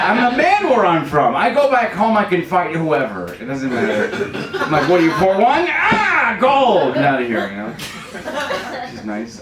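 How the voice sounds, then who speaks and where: A young man doing a stand-up set, self-deprecating with dark jokes and loud shouted punchlines. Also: high voice, distant mic. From New York City. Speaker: stand-up comedian. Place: comedy club stage, live crowd. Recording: roomy live club audio with crowd laughter.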